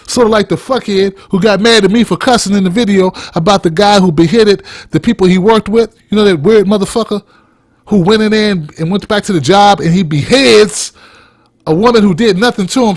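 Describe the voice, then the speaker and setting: A man's voice: high-pitched, fairly quick, dry recording, studio quality. A man hosting a podcast, delivering a heated, blunt opinion rant full of swearing. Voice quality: blunt, heated, heavy cursing. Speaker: podcast host.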